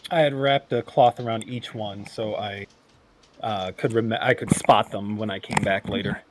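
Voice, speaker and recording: A man playing a tabletop game, calmly describing his character's actions with some fillers. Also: on the low side, moderate pace, noisy background. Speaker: player.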